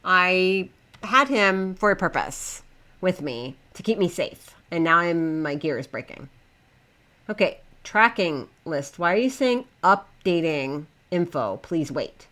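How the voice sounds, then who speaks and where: A woman's voice: lowish voice, expressive, slow pace, fairly bright tone. A young woman streaming a game live, chatting to herself and her in-game pets in a flustered, talkative way. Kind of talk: live gameplay commentary.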